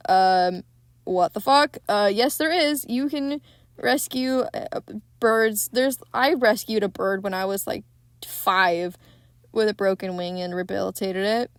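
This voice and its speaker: A young woman hosts a podcast, retelling a film in a loose, candid, excitable way and swearing freely. Her voice sits at a middling pitch. It is close and dry, with no room sound. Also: unhurried, clean tone, no echo. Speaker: podcast host. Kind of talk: casual film recap.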